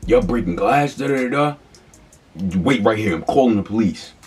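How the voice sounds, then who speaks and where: A man voicing a stern male school custodian with a low, booming voice. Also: expressive, moderate pace, a little mellow, slightly rough, far from the mic, faint music behind.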